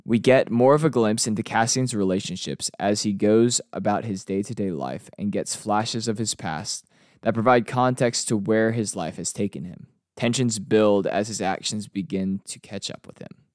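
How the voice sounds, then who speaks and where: A man hosting a casual TV episode review, chatty and relaxed with frequent fillers. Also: lowish voice, normal speed, dry recording, clean studio sound. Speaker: TV review host.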